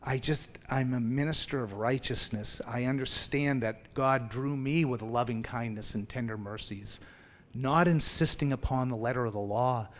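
A man's voice: medium pitch, normal speed, a bit bright. A man preaching a sermon to his congregation in a conversational way, asking them questions as he goes. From Anglican family background. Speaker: minister.

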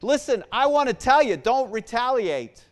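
A man's voice: extremely high pitch, very animated, normal speed. A man preaching a sermon to his church, repeating words for emphasis and building in force. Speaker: pastor.

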